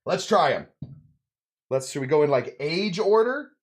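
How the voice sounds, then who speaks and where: A man's voice: fairly high pitch, lively intonation, measured pace, breathy edge. A man hosting a casual cocktail-making demonstration, joking and rambling with lots of asides. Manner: joking, rambling, self-interrupting. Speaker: host of a cocktail channel.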